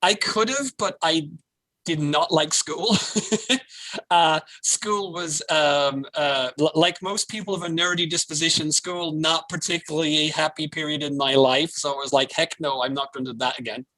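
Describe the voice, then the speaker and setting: A man in his sixties from Wales, with a soft North Welsh accent mixed with Dublin Irish, chatting as a guest on a video call interview and telling his story with self-deprecating humor. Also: fairly high pitch, moderate pace, rough recording.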